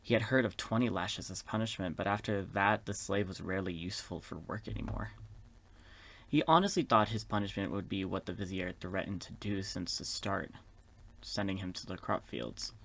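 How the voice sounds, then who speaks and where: A man's voice: low voice, normal speed, gravelly, fairly bright tone. A man hosting a gaming video, reading a visual novel aloud and breaking off for sassy, campy, profane asides.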